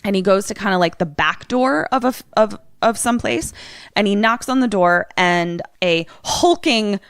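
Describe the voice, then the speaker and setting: A woman co-hosting a comedy podcast, recapping a horror film in a chatty, animated storytelling way. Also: mid-range voice, moderate pace, clean tone, no room sound, clean studio sound. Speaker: podcast co-host.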